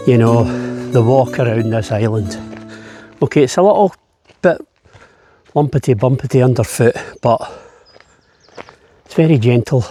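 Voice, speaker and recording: A man's voice: mid-range voice, measured pace, long pauses, dark tone, soft background music. A man, a travel vlogger, chatting as he walks an island path outdoors, slightly out of breath on the climb. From Scotland. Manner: chatty, easygoing, jokey. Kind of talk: walking travel vlog.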